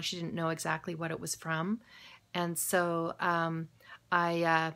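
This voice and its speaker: A woman who works with patients, talking casually and gently, guiding a visualization and laughing often. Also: deep voice, completely flat delivery, measured pace. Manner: soft, encouraging, laughs often. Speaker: health practitioner. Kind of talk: casual guided talk. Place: home.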